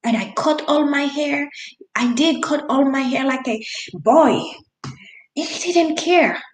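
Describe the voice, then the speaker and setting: A woman's voice: high-pitched, takes it slowly, reverberant, poor audio. A woman from Haiti, in her thirties, telling a personal story in an earnest, emphatic way, with restarts and non-native grammar. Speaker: vlogger.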